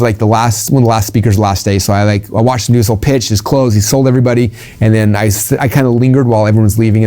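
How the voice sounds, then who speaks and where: A middle-aged man telling a story to an audience and teaching sales presentations, rapid and full of fillers, acting out the dialogue he quotes. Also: lowish voice, dark tone.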